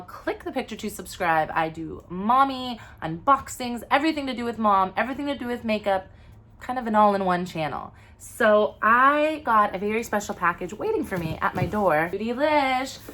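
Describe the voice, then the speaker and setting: A woman vlogging a makeup unboxing in a casual, gushing, excitable way, often gasping. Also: medium pitch. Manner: gushing, excitable, gasps and squeals. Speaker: mom vlogger.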